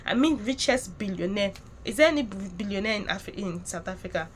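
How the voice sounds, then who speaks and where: A woman with a Nigerian accent giving heated, indignant reaction commentary, often rising into loud emphatic outbursts. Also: medium pitch, animated, brisk, slight background noise.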